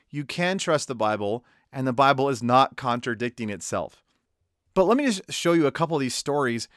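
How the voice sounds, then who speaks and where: A man preaching a sermon, animated, speeding up and slowing down with light laughs between points. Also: mid-range voice, no echo, clean studio sound. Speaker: pastor.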